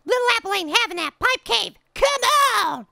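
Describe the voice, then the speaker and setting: Tiny cocky cartoon apple, super high squeaky voice w/ a rough crackle, brash slangy trash talk. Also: male voice, lively intonation, moderate pace, pushed and bright, full character voice. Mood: playful. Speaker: game-playing cartoon character. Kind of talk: let's-play commentary in character. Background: game music.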